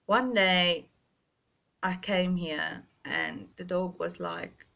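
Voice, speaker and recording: A young woman telling a personal story, halting and emotional with many restarts, a little stuffy from her sinuses. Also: lowish voice, fairly even intonation, gravelly, sharp tone.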